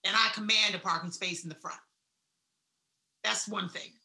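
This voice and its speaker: A woman giving a blunt, salty motivational talk, swinging between loud emphasis and hushed asides. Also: mid-range voice, fairly even intonation, normal speed, roomy sound. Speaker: wellness speaker.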